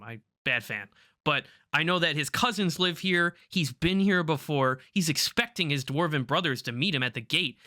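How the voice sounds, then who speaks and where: A young man co-hosting a podcast in casual chat, excitable and swearing freely. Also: a little high, no room sound, studio quality. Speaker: podcast co-host.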